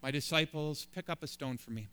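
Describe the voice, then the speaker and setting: A man voicing a calm, gentle Jesus as a teacher in a parable he retells, speaking softly and in a measured way. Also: on the high side, smooth.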